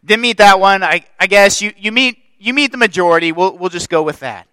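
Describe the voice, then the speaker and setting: A man's voice: high voice, lively intonation, fairly quick, few pauses, sharp tone, clean tone, dry recording. A young adult man preaching a sermon as pastor, impassioned and building through repeated phrases.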